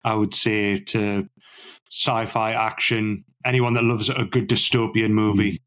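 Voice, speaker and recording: A man co-hosting a casual film-review podcast, talking with enthusiasm and repeating words when excited. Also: on the low side, measured pace. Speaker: podcast co-host.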